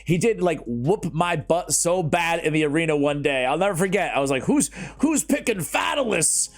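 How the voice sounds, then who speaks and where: A man's voice: on the high side, brisk. Laid-back man chatting about a game. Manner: casual, rambling, laughs often, many fillers. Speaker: YouTube gaming channel host. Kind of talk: casual gaming chat.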